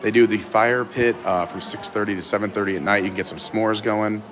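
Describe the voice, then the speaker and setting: A man's voice: on the low side, steady tone, a little fast, a bit bright, a little hiss or hum. A man hosting a live stream, chatting casually and greeting viewers while filming on a gimbal. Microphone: gimbal camera.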